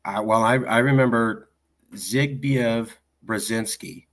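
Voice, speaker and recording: A man's voice: mid-range voice, fairly even intonation, slow, a bit bright. A man hosting an interview, animatedly sharing opinions and jumping between thoughts. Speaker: interview host. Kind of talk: casual interview conversation.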